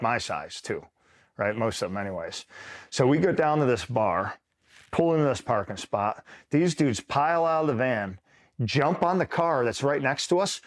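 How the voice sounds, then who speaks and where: A man from upstate New York, a retired Marine, telling a rambling war-buddy story in a casual, profane way and checking in with the listener often. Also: mid-range voice. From upstate New York, USA. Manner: rambling, swears freely, keeps checking in with the listener. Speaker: retired Marine, interview guest.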